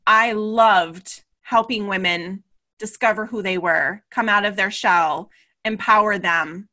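A woman guest in an interview, a business mentor telling her story in a lively way and acting out the voices she quotes. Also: mid-range voice, slow pace. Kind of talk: casual interview chat.

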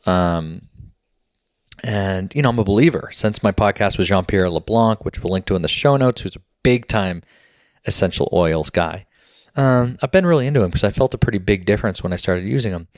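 A man's voice: lowish voice, lively intonation, a little fast, dry recording, clean studio sound. A man hosting a podcast, talking in a casual, rambling way full of filler words and sounding slightly out of breath. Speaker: podcast host.

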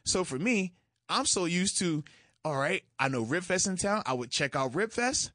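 Upbeat man in bright, dry voice. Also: high voice, moderate pace, no room sound. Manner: excitable, emphatic, says "man" a lot. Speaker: co-host, retired football player. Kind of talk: casual sports chat.

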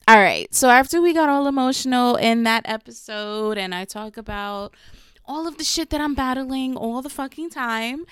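A woman's voice: high-pitched, normal speed, smooth, no room sound, clean studio sound. A woman hosting her own podcast, talking candidly and casually with plenty of slang and swearing. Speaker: podcast host. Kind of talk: casual confessional podcast talk.

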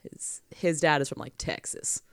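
A woman's voice: deep voice, moderate pace, creaky, no room sound, clean studio sound. A woman from Georgia in the United States, a podcast guest chatting casually, giggly and laid-back. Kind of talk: casual chat.

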